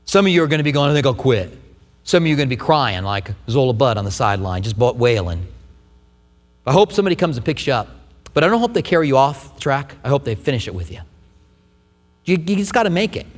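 A man preaching a sermon in a church, animated, at times acting out the voices of doubters. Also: medium pitch, quick pace. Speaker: pastor. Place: large church sanctuary. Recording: long hall reverb.

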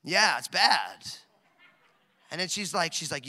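A pastor in his thirties gives a lively sermon at a normal pace, his high voice piercingly bright. He jokes and wanders through stories, dropping in plenty of fillers. The long reverb of a big, echoey hall surrounds everything.

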